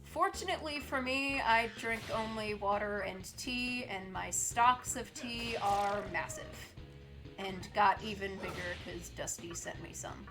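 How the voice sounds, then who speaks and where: A woman's voice: mid-range voice, a little slow, over music. Chatty woman streamer reading chat. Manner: chatty, laughs often, reads chat aloud. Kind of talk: casual gameplay stream chat.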